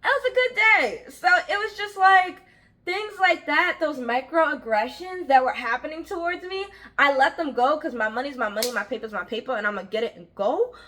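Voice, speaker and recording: A young woman casually telling a story from her job, animated and frank, acting out the voices of the people in it. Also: high voice, moderate pace. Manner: frank, uses slang and swearing. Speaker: vlogger telling a work story.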